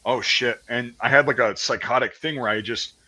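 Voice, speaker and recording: A man's voice: mid-range voice, brisk, bright, forceful tone, low-quality recording. A man in casual chat, telling a long story in a rambling, profane way with many restarts. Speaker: guest storyteller.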